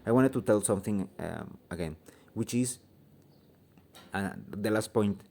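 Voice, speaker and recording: Halting Mexican-accented man, low mellow voice. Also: gravelly. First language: Spanish. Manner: halting, searching for words, many ums; blunt, swears freely. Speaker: channel host. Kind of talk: opinion vlog rant.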